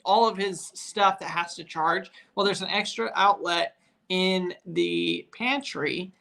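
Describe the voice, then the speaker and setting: Laid-back dad vlogger, gravelly fry in his voice, joking around on a live. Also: high voice, slow, pushed and bright. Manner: easygoing, joking. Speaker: family vlogger, father. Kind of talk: casual live chat with viewers.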